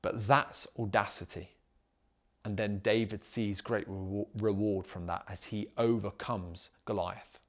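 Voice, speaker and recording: A man's voice: lowish voice, fairly even intonation, unhurried. Emphatic male pastor preaching. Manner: emphatic preaching with repeated rhetorical questions. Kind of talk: sermon.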